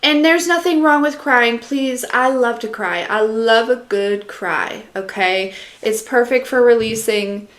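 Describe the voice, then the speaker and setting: Pitched fairly high, this woman talks a bit slowly with few pauses, and the recording sounds roomy. She's live-streaming a casual channeled message as an intuitive reader, rambling with plenty of fillers as she speaks straight to viewers and answers their comments.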